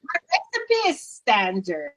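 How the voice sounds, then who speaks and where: A woman, a business owner chatting as a guest in an interview, animated and talkative. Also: on the high side, takes it slowly, no echo, low-quality recording. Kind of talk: casual interview chat.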